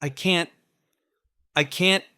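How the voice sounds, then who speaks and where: A man's voice: high-pitched, fairly even intonation, slow, sharp tone, smooth, dry recording, voice pushed up, full character voice. A man narrating an audiobook and voicing an adult gunman with a heavy Spanish-speaking accent, curt and menacing at first. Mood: panicked. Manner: curt and threatening, then desperate. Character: frightened gruff foreign gunman, adult man.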